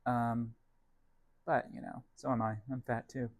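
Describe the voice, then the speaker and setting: A man's voice: mid-range voice, little pitch movement, unhurried, dry recording. A young man rambling casually to the camera and his cats while baking in his home kitchen, self-deprecating and wry. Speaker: vlog host. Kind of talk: casual cooking vlog chat.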